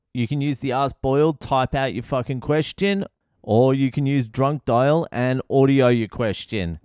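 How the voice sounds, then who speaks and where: A man's voice: medium pitch, a little mellow, smooth, no room sound, clean studio sound. Brash, sweary Australian man. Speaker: podcast host and comedian. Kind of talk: profane comedic advice monologue.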